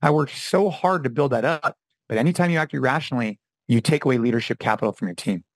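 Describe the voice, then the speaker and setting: Brief: man, 40s, lively storyteller guest, mid pitch, dry close mic. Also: quick pace, no room sound, rough recording. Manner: animated storytelling, acts out quotes. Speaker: podcast guest, former fitness champion and gym owner. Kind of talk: casual interview talk.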